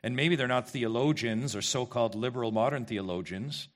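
A man's voice: medium pitch, fairly quick. A male pastor preaching an expository sermon, emphatic and questioning, repeating key phrases to the congregation.

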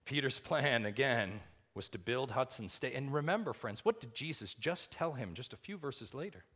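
A male pastor preaching a sermon, swinging from loud, rising emphasis to quiet, low asides and asking the congregation rhetorical questions. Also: animated, moderate pace, husky.

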